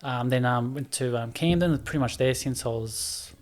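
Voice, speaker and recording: A man, a podcast guest who answers in a soft-spoken, hesitant way, full of ums. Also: mid-range voice, normal speed. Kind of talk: casual interview answers.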